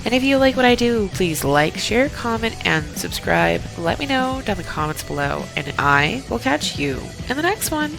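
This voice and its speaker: A woman host delivers reaction commentary in a sassy, scolding tone. She lectures and mocks, speaking at a mid pitch. Clear background music plays under her voice throughout. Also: sing-song, normal speed, hardly any pauses.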